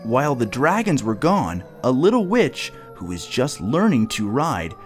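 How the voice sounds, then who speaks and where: Man reading a kids story, slow, very sing-songy, soft music behind. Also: medium pitch, wildly swooping pitch. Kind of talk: reading a children's story aloud.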